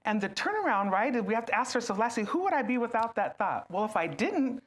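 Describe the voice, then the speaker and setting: Animated woman speaking to an audience. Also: fairly high pitch, a little fast. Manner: animated, questions the audience, acts out little scenes. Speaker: guest speaker. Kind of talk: lively talk to a live audience.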